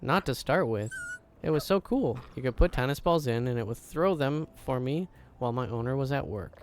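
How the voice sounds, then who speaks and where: A man reading game dialogue aloud, voicing an excitable, childlike talking dog in a bubbly, pleading way. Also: medium pitch, normal speed, a little hiss or hum, lightly acted. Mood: eager.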